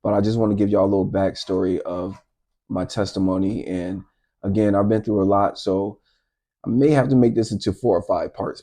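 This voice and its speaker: A middle-aged man telling a personal faith testimony in a casual, animated way, talking straight to his viewers. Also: deep voice, creaky. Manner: animated, addresses viewers directly. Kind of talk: casual storytelling to camera.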